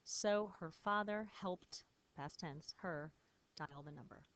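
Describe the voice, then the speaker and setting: A woman's voice: on the low side, slow, fairly bright tone. A woman teacher patiently explaining French phrases in a recorded lesson, spelling words out.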